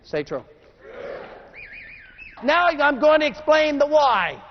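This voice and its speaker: A middle-aged man with a strikingly high voice delivers a motivational speech to a live audience, repeatedly demanding that they answer him back. He alternates between loud exhortation and low, intense passages. The recording is dull and lo-fi. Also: very animated, slow pace, big-room sound, slight background noise. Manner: call-and-response, demands the crowd answer; swings between shouting and hushed intensity. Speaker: motivational speaker. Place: large room with an audience.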